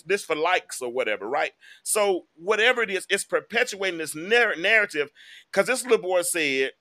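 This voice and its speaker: Speaking to his viewers directly, a live online talk show host gives casual, emphatic commentary in a chatty manner. His voice sits high and has a sharp tone.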